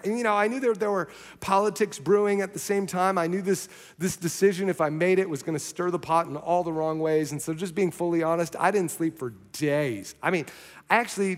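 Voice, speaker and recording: A young adult male pastor preaching a sermon, telling a personal story in an earnest, animated way. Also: a little high. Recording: long reverb of a large hall.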